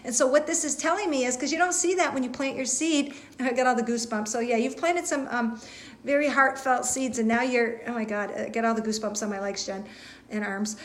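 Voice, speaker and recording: Woman host, slightly high voice, earnest and halting, live spiritual reading to viewers. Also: steady tone. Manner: earnest, repetitive, halting with fillers and restarts. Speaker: intuitive reader and host.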